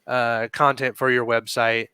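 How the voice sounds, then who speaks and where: A man guesting on a podcast who rambles and hesitates, leaning on plenty of fillers. His voice is bright and crisp. The sound is dry and close, with no room echo. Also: mid-range voice, little pitch movement, a little slow. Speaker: podcast guest, business owner. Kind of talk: casual podcast chat.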